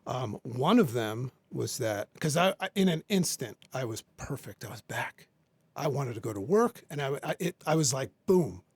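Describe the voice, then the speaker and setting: A man's voice: mid-range voice, lively intonation, moderate pace, slightly rough, no echo. A man in his forties, a podcast guest, telling an intense personal story and acting out both sides of remembered conversations. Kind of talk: emotional storytelling.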